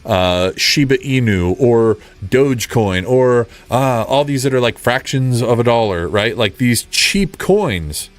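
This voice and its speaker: A man hosting a casual livestream, ranting in an animated way, repeating himself and making sarcastic asides. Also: medium pitch, unhurried, hardly any pauses, dry recording. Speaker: livestream host. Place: home streaming setup.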